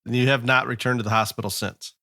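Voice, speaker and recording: A man's voice: medium pitch, steady tone, fast talker, pushed and bright. A man co-hosting a podcast in casual chat, reacting with laughs and then musing aloud at some length. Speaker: podcast co-host.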